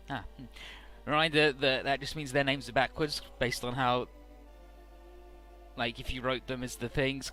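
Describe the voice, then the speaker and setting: Guy doing let's play commentary, rambly, casual, bright forceful tone. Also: mid-range voice. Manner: rambling, casual, swears freely.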